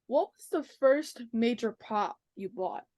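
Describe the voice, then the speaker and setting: A woman's voice: on the high side, expressive, a little slow, darkish tone. A woman interviewing a musician with short, direct, informal questions.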